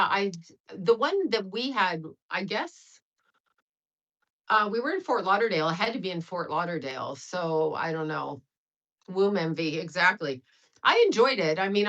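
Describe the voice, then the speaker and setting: Blunt, bright-voiced older woman livestreaming. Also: medium pitch, muffled recording. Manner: blunt, profane, laughing, rambling. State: sweating. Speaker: livestream host and astrologer. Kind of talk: casual livestream chat.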